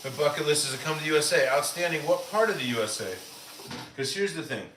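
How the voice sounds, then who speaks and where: A man's voice: fairly high pitch, lively intonation, quick pace, echoey room, noisy background. A man hosting a casual live stream from the United States, chatting with viewers and answering their comments, with lots of "like" fillers. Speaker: live-stream cooking host.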